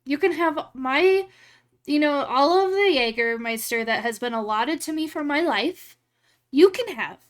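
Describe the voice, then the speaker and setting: Her voice is high and expressive, her pace somewhat slow. While editing photos on stream, this woman chats loosely with viewers, drifting from point to point, peppering her speech with "like" and laughing readily.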